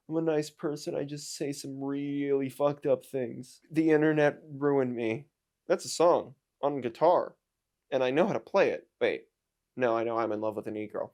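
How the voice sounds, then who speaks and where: A man's voice: mid-range voice, normal speed, darkish tone. Dude in his 20s ranting at the camera, jokey and self-mocking, all over the place. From United States. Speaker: YouTuber and streamer. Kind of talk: casual vlog rant to camera.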